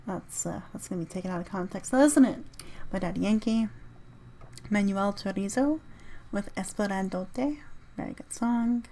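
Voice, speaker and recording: A woman's voice: medium pitch, a little mellow, slight background noise. A woman hosting a casual solo podcast, rambling as she reads through her playlist and spells out artist names. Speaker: podcast host.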